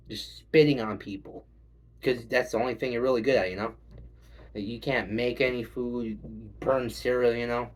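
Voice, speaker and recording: A man doing a stand-up set, rambling and swearing and acting out quick voices. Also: medium pitch. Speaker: stand-up comedian.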